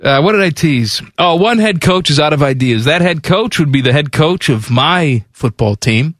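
A man's voice: fairly high pitch, lively intonation, normal speed, a bit bright, dry recording, studio quality. A man co-hosting sports talk radio, joking wryly and reading ads with a playful edge.

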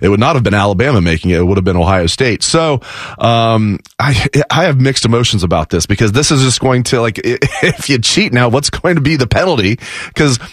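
A man's voice: mid-range voice, animated, a little fast, dry recording, studio quality. A man co-hosting a casual sports talk show, giving opinionated takes and laughing between points.

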